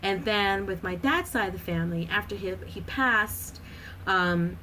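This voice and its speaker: A woman's voice: mid-range voice, a little slow, sharp tone, a little hiss or hum, low-quality recording. A woman in her thirties, a podcast guest chatting casually with lots of fillers and frequent laughter.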